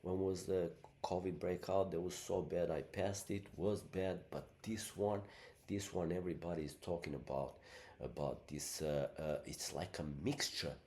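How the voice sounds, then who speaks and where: A man's voice: low-pitched, moderate pace, a little mellow, slight background noise. A middle-aged man, an Albanian native speaker, talking in a rambling casual monologue with many fillers, his voice blocked up from a month of illness. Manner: rambling, many fillers like "you know what I mean". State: sick, congested voice.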